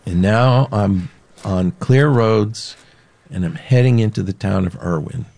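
A man slowly recounting a personal story in an unhurried storytelling manner, with pauses. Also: fairly low pitch, gravelly, a little mellow. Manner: slow, unhurried retelling with pauses.

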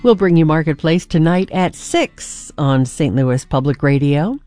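A woman's voice: sits low, measured pace, faint music behind. A woman station announcer reading weather, sports scores and sponsor messages. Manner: lively announcer delivery. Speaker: local radio station announcer.

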